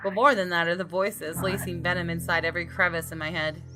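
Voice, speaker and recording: A woman's voice: fairly low pitch, flat delivery, quick pace, music in the background, close to an everyday voice, rough recording. A woman reading aloud the first-person narration of a tense young man in a visual novel, in her own voice without putting on another.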